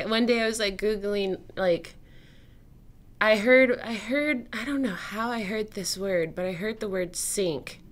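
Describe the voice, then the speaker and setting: A young woman with a slightly low voice chats as an interview guest. She rambles in a relaxed way and drops in plenty of casual fillers. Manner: chatty, loose, many "like" fillers. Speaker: guest musician.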